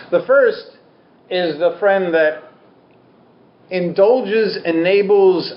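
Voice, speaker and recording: A man's voice: a little high, slight background noise. A man giving a Buddhist teaching talk to an audience, candid, humorous and self-deprecating. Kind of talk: dharma talk to a live audience. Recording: roomy, slightly dull talk recording.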